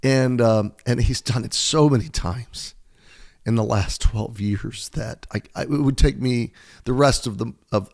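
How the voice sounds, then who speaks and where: A man in his fifties, an American devotional Bible teacher, giving an earnest, heartfelt, unhurried talk and reading aloud. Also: medium pitch, vocal fry, a little mellow. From United States. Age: 50s.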